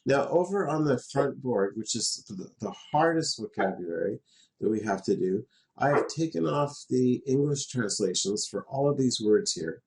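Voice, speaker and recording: A man's voice: medium pitch, expressive, moderate pace, gravelly, darkish tone. A middle-aged man from western Canada teaching a class, patient and chatty, laughing now and then as he explains. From Canada, West Coast. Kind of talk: classroom lesson in a virtual world.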